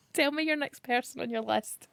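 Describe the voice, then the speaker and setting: A Scottish woman hosting a radio show, chatting casually and breaking into excited exclamations. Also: vocal fry. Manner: animated, bursts into high excited exclamations. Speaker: radio host. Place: radio studio. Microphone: studio microphone.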